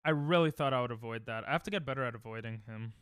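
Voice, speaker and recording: Young male streamer, rambling and self-mocking, bright tone with a dry close sound. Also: mid-range voice, rapid-fire, smooth, no echo. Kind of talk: casual live-stream chat while gaming.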